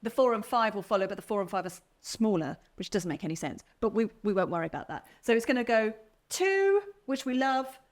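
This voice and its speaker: A bubbly woman co-hosting a car show in a casual studio chat. She sounds excitable, and her voice sits at a medium pitch. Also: brisk, hardly any pauses.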